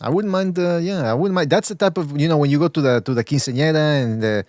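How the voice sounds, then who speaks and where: A man's voice: a little high, fast, darkish tone, no echo, studio quality. A man hosting a podcast, bantering animatedly and laughing often as he talks. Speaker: podcast host. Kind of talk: casual boxing banter.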